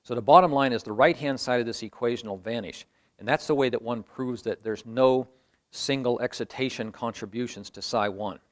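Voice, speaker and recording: A man's voice: mid-range voice, a little fast. A man delivering a university lecture in a mid-range voice, walking his listeners through each step with patient explanation. He thinks aloud as he works through the material at the board.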